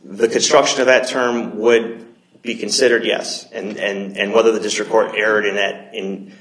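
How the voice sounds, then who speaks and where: A man, an attorney, arguing an appeal before judges in measured, hedged legal phrasing with frequent restarts. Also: on the low side, level tone, a bit bright. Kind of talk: courtroom oral argument. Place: courtroom. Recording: roomy courtroom echo.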